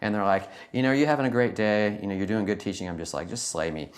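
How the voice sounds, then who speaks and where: A middle-aged man speaking informally to an audience as a teacher, animated and self-deprecating, laughing at his own jokes. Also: lowish voice, fast.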